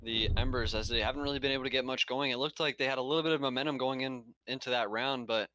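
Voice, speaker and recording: Male esports caster, rapid casual play-by-play, noisy game audio behind. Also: medium pitch, steady tone. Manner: quick, eager, casual calls. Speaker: esports commentator.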